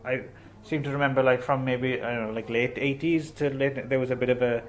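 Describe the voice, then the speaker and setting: A man's voice: medium pitch, fairly even intonation, brisk, a little hiss or hum. A man co-hosting a podcast about films, talking analytically in casual chat, often checking for agreement and teasing his co-host.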